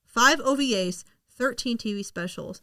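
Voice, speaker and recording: A woman co-hosting a casual podcast, expressive and quick to laugh. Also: on the high side. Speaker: podcast co-host. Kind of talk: casual chat.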